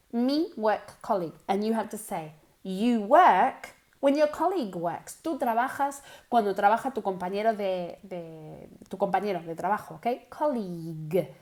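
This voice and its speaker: A woman teaching English, running slow pronunciation drills and exaggerating sounds so learners can hear them, with short explanations in Spanish. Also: medium pitch, darkish tone. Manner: exaggerates pronunciation and laughs at herself. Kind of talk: online language lesson with drills.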